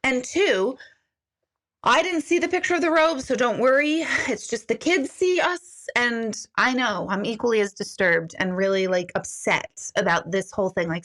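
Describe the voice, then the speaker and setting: A woman's voice: mid-range voice, a bit bright. A middle-aged woman hosting a casual livestream from home, rambling and self-mocking as she talks straight to her viewers. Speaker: host of an intuitive reading livestream.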